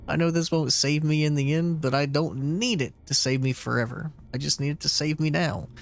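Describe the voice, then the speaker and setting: A man streaming a game, reading its dialogue aloud slowly and quietly, with playful asides in between. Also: fairly high pitch, gravelly. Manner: slow and subdued when reading, with playful asides. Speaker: let's play streamer.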